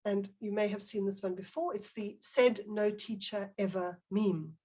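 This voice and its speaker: A woman's voice: medium pitch, fairly even intonation, moderate pace, a little mellow, muffled recording. A middle-aged woman presenting a teacher-training webinar, explaining examples and reading out participants' chat comments.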